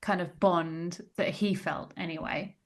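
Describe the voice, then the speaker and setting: A woman's voice: on the low side, steady tone, a little slow. Musing woman podcast co-host. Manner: thoughtful, musing, asks rhetorical questions. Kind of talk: casual chat.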